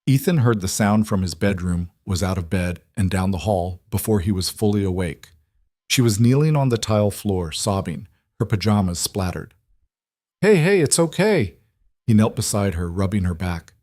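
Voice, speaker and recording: A man narrating a scripted drama story in an even, measured way. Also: low voice, no room sound, studio quality.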